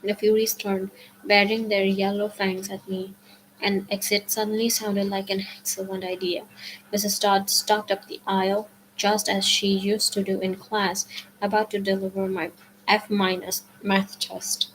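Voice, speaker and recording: A woman reading a novel aloud as a storyteller, steady, with some passages dropped to a whisper. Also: mid-range voice, measured pace, slight background noise, low-quality recording. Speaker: audiobook reader.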